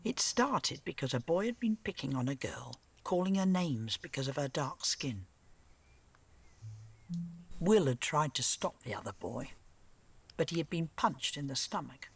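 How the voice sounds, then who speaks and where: Older grandmother, low breathy voice, lively rise and fall, regretful, reflective game narration. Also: a little slow, exaggerated voice. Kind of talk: video game voice acting.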